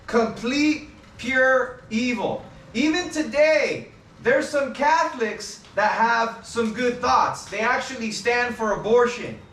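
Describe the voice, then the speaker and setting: High-voiced emphatic male street preacher. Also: fairly bright tone. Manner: emphatic, stresses key words while reading scripture. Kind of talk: open-air preaching. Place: outdoors. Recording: echoey, distant mic, faint ambience.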